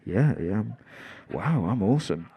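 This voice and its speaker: A man's voice: on the low side, lively intonation, breathy edge, muffled recording, pitched below the performer's own voice, heavily acted. A man doing a dazed, drugged-up young guy. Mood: spaced-out. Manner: slow, spaced-out, dreamy.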